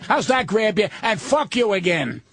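Older male comic, high raspy voice, blunt profane rant. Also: lively intonation, normal speed, fairly bright tone, dry recording. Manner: blunt, cursing, combative. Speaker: guest comedian.

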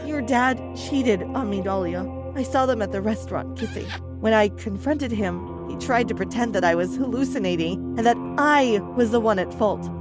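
A hurt, bitter mother in an animated storybook, quiet and cold, in a slightly high voice, as a woman plays her. Music runs behind her. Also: moderate pace, few pauses, natural voice. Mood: sad.

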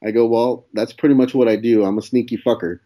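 Fast but steady in tone, the mellow mid-range voice belongs to a young comedian guest telling a story casually. He keeps it laid-back, swears, and plays out the quoted dialogue while laughing.

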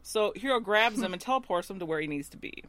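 Woman co-host, casual recap chat, playful and animated. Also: mid-range voice. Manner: animated, laughing, acts out characters' lines in quick voices. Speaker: podcast co-host recapping a TV show.

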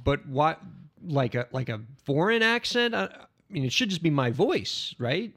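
A man's voice: on the high side, big pitch swings, normal speed, a bit bright, full character voice. A man playing a stammering, meek author. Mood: apologetic. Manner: hesitant, stammering, apologetic. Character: meek, confused male author reading his book. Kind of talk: improvised comedy sketch.

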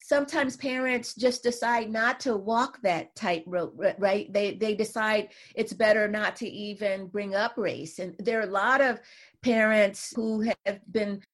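Una mujer invitada a una entrevista, autora y psicóloga, que explica sus ideas con calma y repite a menudo "you know" y "right". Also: female voice, medium pitch, measured pace. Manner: thoughtful, explanatory, says "you know" and "right" often. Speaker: guest, psychologist and author. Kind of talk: conversational interview.

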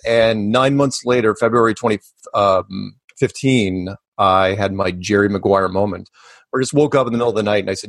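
Husky-voiced man telling a rambling story. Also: fairly low pitch, a little fast, no echo, clean studio sound. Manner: rambling, animated, with frequent restarts and asides. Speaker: podcast guest. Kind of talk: casual storytelling interview.

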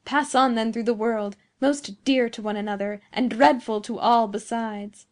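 A woman voicing a proud, scheming old male scientist in a storybook reading, declaiming loudly and grandly. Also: a little high, fairly even intonation, unhurried, natural voice.

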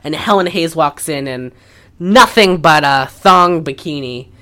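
A woman's voice: low-pitched, unhurried. A woman co-hosting a podcast in casual chat, retelling a film with lots of laughter and swearing. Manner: laughs often, swears freely, animated retelling. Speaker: podcast co-host.

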